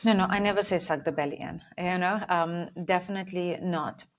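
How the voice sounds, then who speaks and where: A woman with a slightly low voice talks through how she coaches her clients. She explains things thoughtfully and step by step, pausing on natural fillers as she thinks out loud in a relaxed podcast chat. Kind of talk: conversational explanation.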